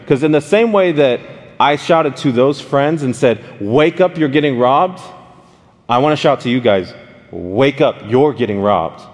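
A man preaching a casual, story-driven sermon, animated and speaking straight to his listeners with questions. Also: mid-range voice. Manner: animated, addresses the audience directly with questions. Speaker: pastor. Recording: long hall reverb.

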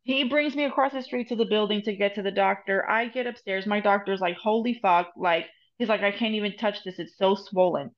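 A woman's voice: medium pitch, fairly quick, hardly any pauses. A woman with a New Jersey accent telling a story in casual, profane chat as a podcast guest, dropping Spanish phrases. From United States. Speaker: podcast guest, Reiki master and tarot reader. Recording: dull lo-fi podcast audio.

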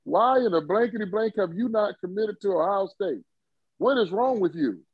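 A man putting on the voice of a gruff, demanding old male football coach who blusters and insists, in a dull, dry recording. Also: high-pitched, expressive, moderate pace, dry recording, voice pushed up. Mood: angry.

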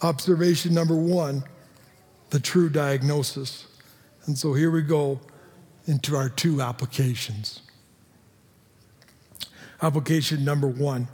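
A male pastor giving a sermon, earnest and sing-song, dropping to quiet emphasis. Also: on the high side, fairly even intonation, unhurried, long pauses, slightly rough. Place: church sanctuary. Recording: long hall reverb.

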